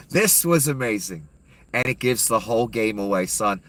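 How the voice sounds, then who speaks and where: A man's voice: fairly low pitch, fairly bright tone. A man giving an angry, profane and sarcastic rant of political commentary.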